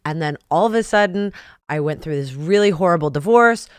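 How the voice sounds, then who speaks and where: A woman's voice: fairly low pitch, expressive, brisk, clear, resonant tone, no room sound, clean studio sound. A woman hosting a podcast, a pro wrestler speaking openly and candidly, swearing casually.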